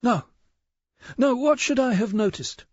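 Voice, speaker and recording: Man doing a hoarse, jittery village shopkeeper. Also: very high voice, a little slow, no echo, lo-fi sound, voice pushed up, exaggerated voice. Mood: nervous. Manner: nervous, hesitant, stammering. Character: nervous hoarse male village shopkeeper, middle-aged. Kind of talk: audiobook character voice.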